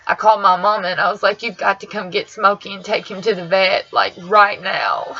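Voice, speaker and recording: Creaky-voiced woman, lo-fi. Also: medium pitch, fairly quick, bright, forceful tone. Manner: emotional, rambling retelling. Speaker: vlogger. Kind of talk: personal storytelling vlog. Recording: dull lo-fi sound.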